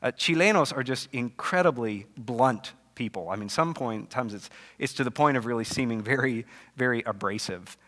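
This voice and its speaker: A man preaching a conversational sermon as pastor, telling stories in an animated way with casual asides. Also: mid-range voice, normal speed, hardly any pauses. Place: church sanctuary. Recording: long church-hall reverb.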